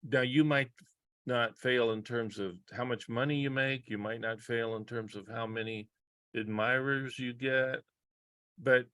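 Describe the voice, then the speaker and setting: A man speaking as a guest psychologist in a reflective conversation, earnest and halting, with frequent restarts and pauses, heard over a video call. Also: mid-range voice, steady tone, fairly bright tone, dry recording.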